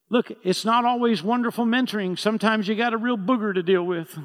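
A male pastor preaching a sermon, telling a story with lively acted-out dialogue. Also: high voice, brisk, hardly any pauses, big-room sound. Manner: animated storytelling, acts out the characters' lines.

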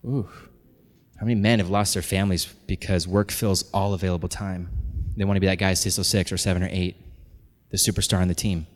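A pastor in his thirties preaching a sermon, animated, building to loud, intense passages. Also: low voice, brisk. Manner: animated, climbs to shouting intensity. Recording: long hall reverb.

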